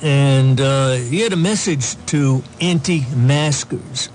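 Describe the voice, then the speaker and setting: Slow-talking sarcastic male commentator. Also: mid-range voice, a little mellow, soft background music. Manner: sarcastic asides, many fillers. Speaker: political commentator. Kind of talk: casual political commentary, reading news aloud.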